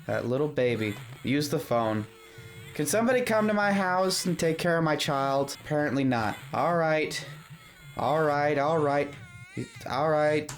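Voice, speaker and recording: A man's voice: fairly high pitch, a little slow, a little hiss or hum, natural voice. A man voicing a frazzled, sarcastic single mother in a comedic game playthrough, melodramatic and swinging between mutters and shrieks. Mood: sassy. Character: frazzled sassy single mother, tired, boozy, camp. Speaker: gaming video host. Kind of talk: comedic let's-play role-play.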